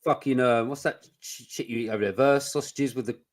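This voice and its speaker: A man talks at a quick clip in a loose, casual podcast chat. He swears freely and tells stories with animated energy. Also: mid-range voice, a crowd in the background. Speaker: podcast co-host.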